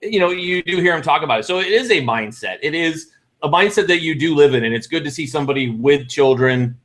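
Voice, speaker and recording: A man's voice: on the high side, animated, quick pace, fairly bright tone. A middle-aged man co-hosting a chat show, talking casually in a rambling way with many restarts. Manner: rambling, restarts and self-corrections. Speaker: podcast co-host.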